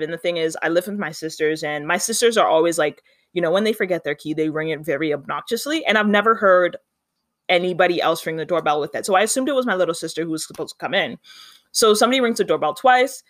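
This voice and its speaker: A speaker from Canada, telling a story in a chatty, animated vlog style and acting out the dialogue. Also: medium pitch, no room sound, studio quality.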